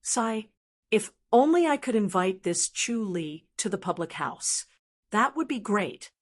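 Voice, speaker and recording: A woman's voice: mid-range voice, very animated, unhurried. A woman voicing a composed young noblewoman who speaks lightly and coolly. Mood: musing. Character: young noblewoman, calm, sharp-tongued clan leader.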